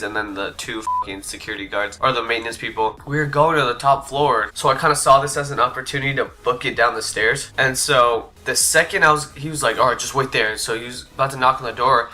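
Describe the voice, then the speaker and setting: A man's voice: medium pitch, quick pace, few pauses, sharp tone. A young man telling a personal story to his channel in a laid-back way, swearing and full of fillers. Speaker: vlogger. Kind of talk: casual storytime. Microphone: desk USB mic.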